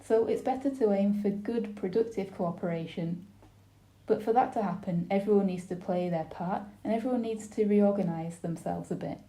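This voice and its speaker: A woman giving a simultaneous interpretation of a webinar panel, speaking in a measured, formal way with brief pauses and restarts. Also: medium pitch, mellow.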